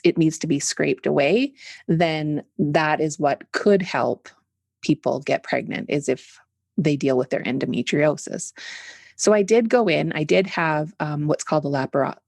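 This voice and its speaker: A Canadian woman in her forties speaks as an interview guest, candid and patient as she explains things. Her voice sits low with a gravelly edge. The sound is dry and close. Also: a little mellow, no room sound. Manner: open, candid, explains step by step. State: tickle in throat from smoke. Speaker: podcast guest. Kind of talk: conversational interview.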